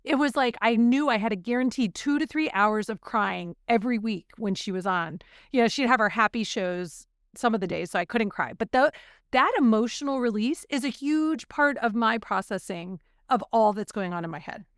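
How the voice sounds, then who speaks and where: Smooth-voiced candid woman podcaster. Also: a little high, expressive, normal speed, no room sound, studio quality. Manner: candid, reflective, openly emotional. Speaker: podcast co-host. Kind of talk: casual podcast chat.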